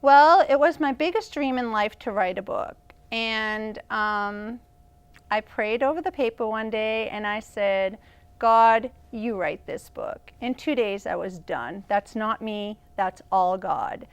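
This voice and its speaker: A woman's voice: on the high side, slow pace, clear, resonant tone. A woman with a Boston accent, a guest on a talk show, telling her story earnestly and emphatically. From Boston, Massachusetts. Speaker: guest, evangelist. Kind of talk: casual interview chat.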